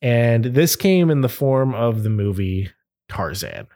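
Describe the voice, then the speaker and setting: A man's voice: mid-range voice, big pitch swings, slow pace, dark tone. A young adult man hosting a podcast in casual chat, rambling with many fillers and laughing easily. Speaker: podcast host.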